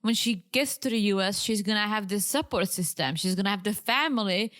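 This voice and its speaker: Female podcast co-host, mid-pitched, easygoing plot recaps. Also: a little fast, fairly bright tone. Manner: conversational, plot-summarizing. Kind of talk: casual recap chat.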